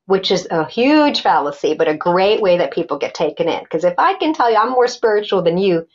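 Woman, interview guest, personal story, animated, acts out quotes, lower voice, muffled lo-fi. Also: fairly quick. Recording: dull lo-fi sound.

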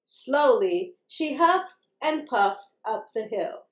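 A woman reading a children's bedtime story aloud in a slow, expressive, sing-song way. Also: a little high, echoey room. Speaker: children's book reader.

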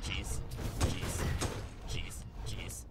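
A man's voice: extremely slow, very noisy. A man casually commenting on a game he plays on stream, rambling and joking as he goes. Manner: rambling, jokey, puts on silly high voices for clone banter.

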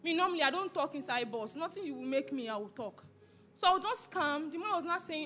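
A young Nigerian woman telling an animated personal testimony in church, slipping into Pidgin. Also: high voice, quick pace, soft background music. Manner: animated storytelling, switches into Pidgin. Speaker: church member giving testimony.

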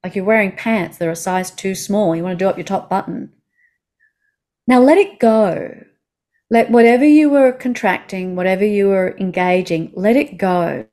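A woman with an Australian accent guiding a slow body-awareness lesson, speaking soothingly and asking the listener gentle questions. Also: mid-range voice. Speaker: movement instructor.

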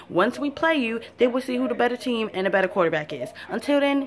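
A woman's voice: on the high side, animated, brisk, few pauses. A woman ranting about her football team in a fan vlog, blunt and profane. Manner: fired-up, cursing, blunt. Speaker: sports fan vlogger. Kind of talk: profane football rant to camera.

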